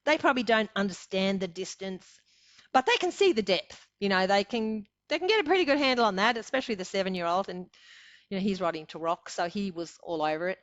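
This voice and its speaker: This older Australian woman, a guest in a casual storytelling interview, speaks fairly quickly at medium pitch with lively intonation. She rambles and chats, using fillers and laughing often; the audio sounds dull and lo-fi.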